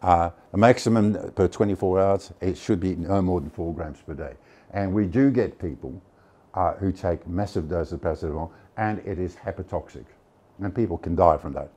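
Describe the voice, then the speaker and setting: A man's voice: low-pitched, moderate pace, mellow. An older man giving a chatty, digressive conference lecture on medicines. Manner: chatty and digressive, many hesitations. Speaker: pharmacology lecturer.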